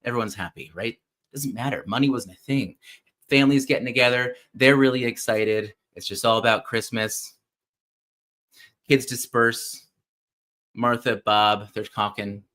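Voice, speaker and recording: Man, podcast host, animated, conversational, retelling a story, frequent fillers. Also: medium pitch, measured pace. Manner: animated, keeps checking in with listeners with "right?"; thinks aloud with fillers and restarts. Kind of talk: casual retelling of a classic story.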